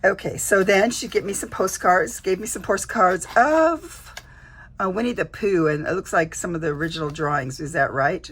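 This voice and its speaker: A woman's voice: fairly low pitch, moderate pace, slight background noise. A woman chatting casually to camera, showing off a journal she received in a swap, with lots of fillers and restarts. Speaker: junk journal vlogger. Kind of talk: casual show-and-tell chat.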